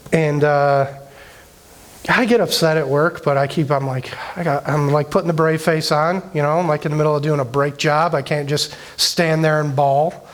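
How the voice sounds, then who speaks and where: A middle-aged youth director telling an emotional personal story in a conversational sermon, with many fillers. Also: male voice, fairly high pitch.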